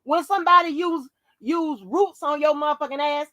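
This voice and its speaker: This is a woman with a high-pitched voice in a dry, close recording. She is riffing through casual vlog commentary. She is animated and profane and keeps laughing. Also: moderate pace, no room sound, rough recording. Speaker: YouTube commentator.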